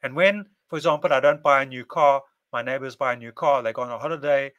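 Bright-voiced man musing to camera. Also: mid-range voice, fast talker, muffled recording. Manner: repetitive, list-like phrasing. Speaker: video presenter. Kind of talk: casual monologue to camera.

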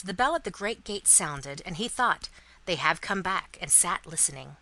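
A woman narrating a classic novel in an expressive, dramatic storybook reading for English learners. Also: fairly low pitch, rough recording.

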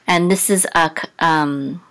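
A woman teaching a casual Hebrew reading lesson, sounding out letters slowly with many pauses and ums. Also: fairly even intonation, fairly bright tone. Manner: slow, deliberate, with many ums, sings the trope marks on a higher pitch.

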